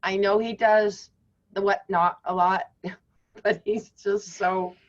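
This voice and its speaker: A woman's voice: medium pitch, steady tone, slow pace. Canadian woman, chatty, teasing, muffled video-call audio. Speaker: meeting participant. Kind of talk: casual video call chat.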